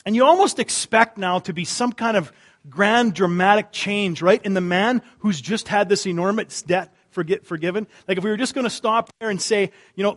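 Conversational preacher, rising and hushing. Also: male voice, sits high, normal speed. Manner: conversational preacher, rhetorical questions, drops to quiet emphasis. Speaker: pastor. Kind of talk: sermon.

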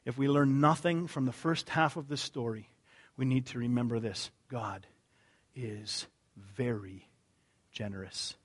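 A male pastor giving an earnest, conversational sermon, dropping his voice low for emphasis. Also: fairly even intonation, a little slow, slightly rough.

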